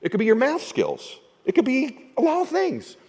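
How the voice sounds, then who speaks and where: A man's voice: extremely high pitch, huge pitch swings, normal speed, darkish tone, big-room sound. A man giving a live motivational talk on stage, telling punchy stories and firing rhetorical questions at the audience. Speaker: motivational speaker.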